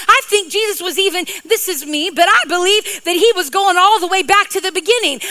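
Woman preacher, middle-aged, joking rambling sermon, bright ringing voice. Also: very high-pitched, expressive, a little fast, hardly any pauses, low-quality recording. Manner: playful, joking, rambling asides.

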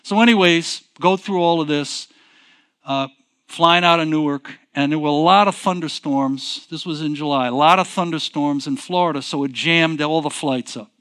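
A male pastor tells a personal story during his sermon in a conversational, rambling way, repeating himself and often restarting with "so anyways." His voice is a little high and fairly bright, at a normal speed.

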